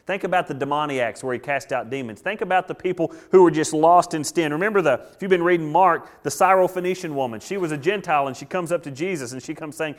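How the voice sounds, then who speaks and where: A man, a pastor, preaching a sermon with rhetorical questions and repeated phrases, reading scripture slowly and deliberately. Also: fairly high pitch.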